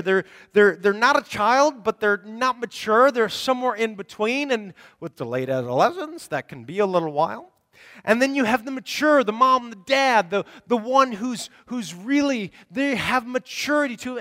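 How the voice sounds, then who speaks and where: A man's voice: extremely high pitch, fairly bright tone. A man preaching a conversational sermon as pastor, rambling and often repeating words as he talks. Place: church sanctuary. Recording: long reverb of a large hall.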